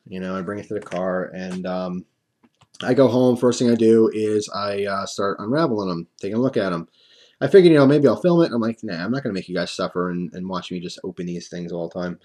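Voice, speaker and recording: A man's voice: low-pitched, a little mellow. Chatty, rambling man telling a story. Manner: rambling, chatty, many fillers and restarts; wry self-mocking humor. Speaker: coin-collecting vlogger. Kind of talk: casual storytime monologue.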